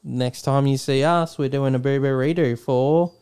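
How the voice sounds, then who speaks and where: A man's voice: mid-range voice, steady tone, normal speed, darkish tone, clear, resonant tone. A man with an Australian accent co-hosting a podcast in casual chat, rambling with restarts and swearing freely. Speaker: podcast co-host.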